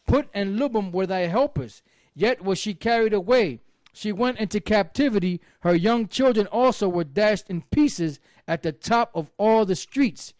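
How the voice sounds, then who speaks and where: A man with a high voice reads old scripture aloud in a steady, declaiming way. The sound is dry and close. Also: moderate pace, no room sound. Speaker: scripture reader in a religious group.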